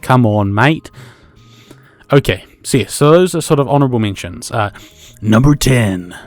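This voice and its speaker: A man's voice: medium pitch, lively intonation, a little fast, darkish tone, no room sound, soft background music. Rambling young New Zealand man. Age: 20s. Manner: rambling, self-correcting, swears casually. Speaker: podcast host. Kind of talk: solo podcast monologue.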